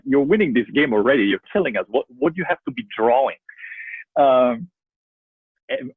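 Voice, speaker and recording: A man who coaches youth soccer and makes films, telling rambling, animated stories with lots of fillers over a video call. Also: medium pitch, slightly rough, no echo. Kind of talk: casual storytelling in a video-call interview. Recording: tinny phone-like line, dry.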